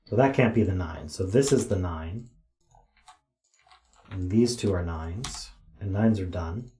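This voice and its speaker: A tired man thinking aloud as he solves a puzzle on a stream, slowly counting digits under his breath. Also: low-pitched, mellow, reverberant. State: tired, yawning. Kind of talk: thinking aloud while solving.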